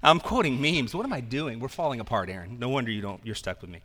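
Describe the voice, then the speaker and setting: A man's voice: medium pitch, very animated, fast talker, hardly any pauses, fairly bright tone, big-room sound. A man preaching a sermon as pastor, talking in a conversational way with self-deprecating asides.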